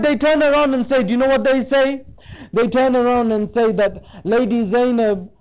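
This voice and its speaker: A man giving a mourning sermon, narrating a tragic story and rising into a wailing, tearful chant. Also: extremely high pitch. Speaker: majlis speaker. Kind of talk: mourning sermon with lamenting recitation. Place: community centre hall. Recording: tinny phone-like sound.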